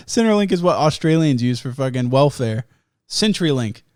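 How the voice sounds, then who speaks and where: A man's voice: medium pitch, lively intonation, moderate pace, a little mellow, dry recording, studio quality. A young man hosting a podcast, telling a story in a profane, ranting casual chat. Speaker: podcast host.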